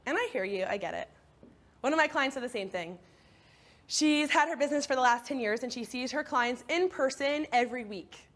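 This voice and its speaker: A woman coach telling a personal story in an expressive talk, acting out her inner voices. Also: high-pitched, brisk. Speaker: speaker, coach.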